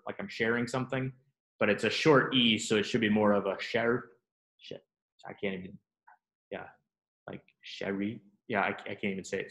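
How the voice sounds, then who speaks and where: A man with a lowish voice leads a classroom lesson, easygoing and a little self-mocking. He quizzes his students step by step, and the room adds a noticeable echo. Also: normal speed. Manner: relaxed, self-deprecating, asks students questions. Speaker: Biblical Hebrew teacher.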